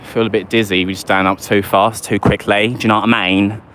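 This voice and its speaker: On a casual live walking vlog through a waterside city park, a deep-voiced man from London talks fairly quickly with a flat delivery and fairly bright tone. He rambles on, frequently saying "do you know what I mean," with slight background noise behind him.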